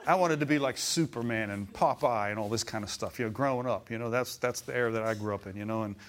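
A middle-aged man delivering a church sermon in a folksy, animated way. He chuckles as he talks and draws responses from the congregation. His voice sits at an ordinary middle pitch. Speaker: preacher.

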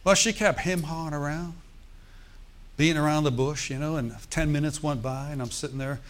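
A man pastor telling a story in a sermon, animated, with asides and quoted dialogue. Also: a little high, a little fast.

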